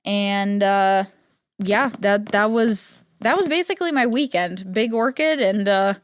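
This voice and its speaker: A woman's voice: mid-range voice, unhurried, clean tone, no room sound, clean studio sound. A young woman from Ohio hosting a podcast, talking casually, chatty and self-deprecating with many fillers. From Ohio, United States. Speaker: podcast host. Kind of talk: casual solo chat.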